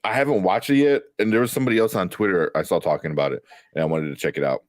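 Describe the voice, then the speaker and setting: Deep-voiced host with a Chicago accent. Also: male voice, rapid-fire, no room sound, clean studio sound. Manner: chatty, laughs often, lots of fillers. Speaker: show host. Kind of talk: casual live-stream chat.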